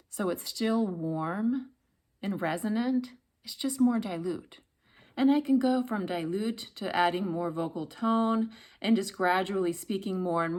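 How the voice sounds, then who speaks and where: A woman voice coach giving an instructional talk, demonstrating hums and practice phrases between explanations. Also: medium pitch.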